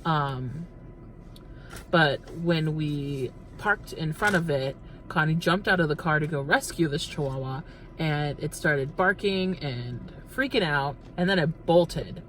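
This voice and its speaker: A man's voice: a little high, slow, fairly bright tone, slight background noise. A man co-hosting a late-night vlog, telling a long rambling story with many restarts from inside a car. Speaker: vlog co-host. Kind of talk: casual chat while driving.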